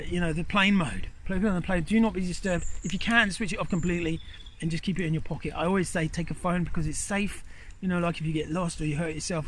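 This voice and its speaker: A middle-aged man filming himself in a rainy forest by a river, guiding viewers in a gentle, rambling, enthusiastic way. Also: a little high, a little hiss or hum. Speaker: nature guide. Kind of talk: outdoor vlog instruction. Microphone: handheld camera.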